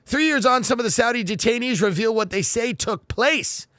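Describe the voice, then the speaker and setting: A man's voice: very high-pitched, animated, moderate pace, a bit bright, no room sound, clean studio sound. A man hosting a podcast, reading news aloud and riffing on it with sarcastic, mock-earnest comedy. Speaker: podcast host.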